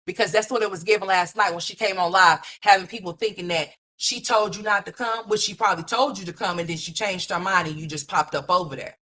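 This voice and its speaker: A woman's voice: lowish voice, fast talker, few pauses, bright, forceful tone. A woman hosting a livestream, ranting in a blunt, mocking, profane gossip commentary full of rhetorical questions.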